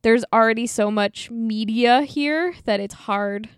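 A woman's voice: a little high, clean tone, no echo, clean studio sound. A woman co-hosting a podcast in casual chat, joking and laughing easily with her co-host. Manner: animated, quick to joke and laugh.

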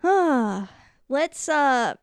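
A woman co-hosting a podcast, casually recapping a film with quick mock voices for its characters. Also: high voice, sing-song, no echo. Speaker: podcast co-host. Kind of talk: casual movie recap chat.

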